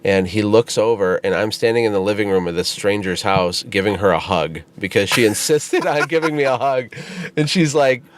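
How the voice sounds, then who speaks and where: A man co-hosting a casual podcast chat, telling stories in an animated way and laughing as he goes. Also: on the low side, moderate pace. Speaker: podcast co-host and business founder.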